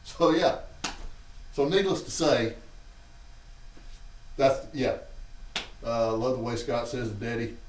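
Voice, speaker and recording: A man's voice: medium pitch, slow pace, long pauses, distant mic, a little hiss or hum. A man with a Southern Alabama accent hosts a show and casually tells childhood stories to a live chat. He acts out what his family members said. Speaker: host. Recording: roomy, off-mic sound.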